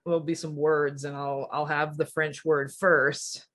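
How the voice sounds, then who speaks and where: A woman's voice: sits low, level tone, unhurried, a bit bright. A woman in her forties from Rhode Island, a podcast guest chatting casually with lots of fillers and laughter. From Rhode Island, USA. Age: 40s. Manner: rambling, filler-heavy, laughing storyteller. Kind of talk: casual chat.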